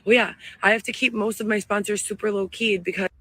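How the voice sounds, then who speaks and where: A woman's voice: mid-range voice, steady tone, quick pace, fairly bright tone, husky, no room sound, poor audio. A woman talking in a wandering, emotional and self-righteous way, in a clip played back. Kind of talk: rambling monologue. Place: outdoors, living in a tent.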